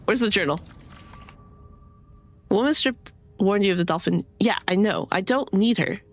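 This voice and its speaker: A young woman at medium pitch and moderate pace gives casual commentary while streaming a game. Chatty and giggly, she rambles with lots of laughs and many "sort of" and "like" fillers.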